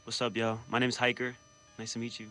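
A man's voice: medium pitch, completely flat delivery, a little fast, bright, forceful tone. A man from Washington Heights, New York, talking casually in a rambling way as a co-host. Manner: rambling, full of fillers. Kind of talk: casual podcast chat.

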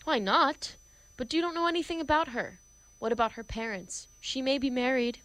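A woman's voice: sits high, normal speed, fairly bright tone, pitched above the performer's own voice, low-quality recording. A woman reading the part of a stern, proper middle-aged housekeeper, prim and scolding. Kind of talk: amateur play reading.

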